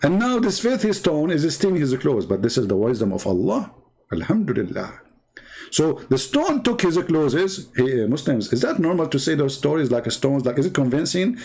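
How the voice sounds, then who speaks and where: A man's voice: a little high, very animated, moderate pace, darkish tone, husky. A man who is not a native English speaker, hosting a commentary show in a mocking, sarcastic tone and broken English. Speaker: show host.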